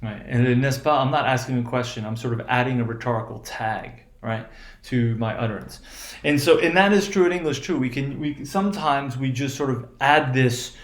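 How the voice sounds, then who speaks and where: A man's voice: medium pitch, normal speed, echoey room. A man teaching a lesson on English intonation, hesitant, with many restarts and "right?" checks.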